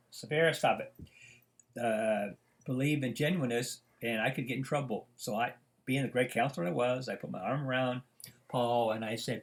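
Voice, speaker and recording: An older man teaching a recorded lesson, his pitch sitting in an ordinary middle range. He drifts from one personal story to the next, filling the gaps with ums and uhs. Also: fairly quick. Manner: rambling storyteller with many fillers. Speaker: professor. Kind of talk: recorded lecture with anecdotes.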